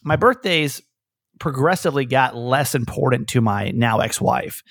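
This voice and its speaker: A man's voice: medium pitch, expressive, moderate pace, fairly bright tone, no echo, studio quality. A middle-aged man hosting a podcast, talking in a candid, rambling, self-deprecating way. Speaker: radio and podcast host. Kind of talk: casual conversational podcast chat.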